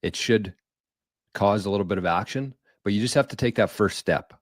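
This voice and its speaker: A man co-hosting a casual livestream, reading a viewer question and giving earnest, steady advice. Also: fairly low pitch, normal speed, dry recording, studio quality. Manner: earnest, advising, steady explaining. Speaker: livestream co-host.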